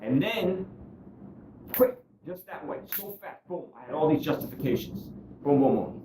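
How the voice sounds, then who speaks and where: A man giving candid spoken testimony about his recovery, earnest and self-deprecating, dropping low and quiet, then climbing high and excited as he tells the story. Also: normal speed, echoey room, distant mic, background noise. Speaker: guest speaker sharing his recovery story.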